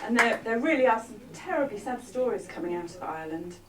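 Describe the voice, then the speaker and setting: A woman's voice: a little high, animated, quick pace, very noisy. A woman performing a live comic show, chatting with the audience in a wry, teasing way, on an arts venue stage, recorded from far off in an echoey hall.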